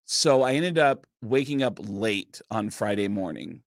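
A man guesting in a studio, telling a long story in an animated, casual way and swearing freely. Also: lowish voice, unhurried, creaky, no room sound. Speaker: comedian and impressionist guest.

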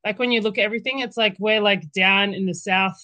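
A woman's voice: mid-range voice, steady tone, fast, bright, forceful tone, dry recording, muffled recording. An Australian woman chatting as a podcast guest, bubbly and rambling, with a broad casual turn of phrase. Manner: bubbly, rambling, says "yous". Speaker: podcast guest, birth worker. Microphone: remote call recording.

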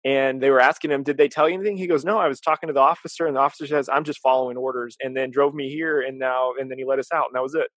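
Man, casual talk, earnest, explanatory, medium pitch, dry close sound. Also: steady tone, very fast, few pauses, fairly bright tone, no room sound. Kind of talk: casual chat.

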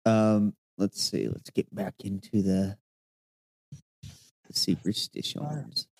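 A man with a low, mellow voice co-hosts a casual podcast. He reads items out hesitantly, with plenty of ums and uhs, and chats in a relaxed way. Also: slow. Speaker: podcast co-host. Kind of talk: casual chat, reading out items.

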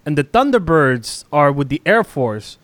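A man's voice: a little high, very animated, measured pace, fairly bright tone. A man co-hosting a podcast, cutting in with skeptical questions in casual chat.

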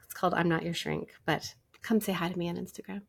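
A middle-aged woman psychologist, a podcast guest, telling stories in a warm conversational way and acting out bits of dialogue. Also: on the low side, fast, gravelly, husky, no echo. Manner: animated storyteller, acts out dialogue.

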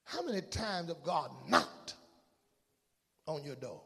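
A fervent male preacher with a high, gravelly voice. He drives his sermon with repeated questions that swell from near-whispers to shouts. His voice trails a long reverb through a big church hall. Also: lively intonation, slow. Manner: builds from hushed murmurs to shouted, repeated questions; fervent, repetitive preaching cadence. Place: church sanctuary.

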